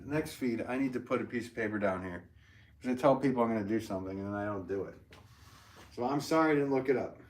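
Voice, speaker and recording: A man's voice: mid-range voice, quick pace, rough recording. A middle-aged man chatting casually during a pottery livestream, rambling and reading out viewer comments with many fillers and restarts. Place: pottery studio. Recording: steady noise in the background.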